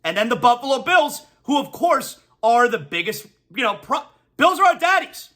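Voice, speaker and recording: A man's voice: very high-pitched, sing-song, moderate pace, bright, forceful tone. A man hosting a sports talk show, ranting emphatically and repeating his punchlines for effect. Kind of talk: opinionated sports talk monologue.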